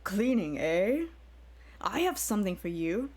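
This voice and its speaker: A woman voicing a lecherous, pompous nobleman in a comic dramatic reading, drawing her words out slowly and leeringly. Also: big pitch swings, darkish tone. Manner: slow, drawn-out, leering, mock-deep.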